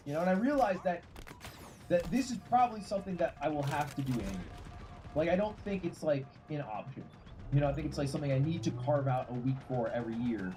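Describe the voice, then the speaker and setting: A man streaming a game, telling a rambling, profane story in casual chat. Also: fairly high pitch. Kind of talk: casual storytelling while gaming. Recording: game gunfire noise under voice. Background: game gunfire and ambience.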